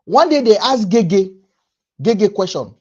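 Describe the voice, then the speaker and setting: Young Nigerian man, Pidgin accent, lively high-pitched livestream ranter, muffled stream sound. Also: slow, breathy edge. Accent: Nigerian Pidgin English. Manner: emphatic, repeats lines for effect. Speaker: livestream host. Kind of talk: animated livestream rant.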